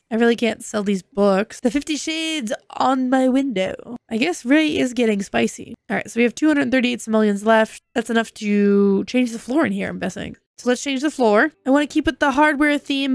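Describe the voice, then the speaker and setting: A woman's voice: a little high, gravelly, dry recording. A young adult woman giving playful, jokey, chatty commentary over her gameplay as host of her gaming channel, recorded on a close microphone. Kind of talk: casual game commentary.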